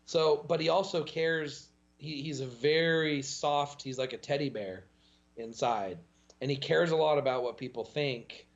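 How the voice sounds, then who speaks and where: A man talking as a podcast guest, in a casual, animated storytelling way. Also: a little slow, creaky, dull audio. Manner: animated storytelling with pitch jumps and laughs.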